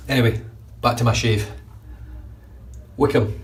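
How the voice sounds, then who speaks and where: A man's voice: medium pitch, fairly even intonation, a little fast, a little mellow, far from the mic. A middle-aged Scottish man with a Glaswegian accent, chatting casually and swearing freely as he reviews shaving gear in his bathroom. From Scotland. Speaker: shaving vlogger. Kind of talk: casual chat. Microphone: phone camera.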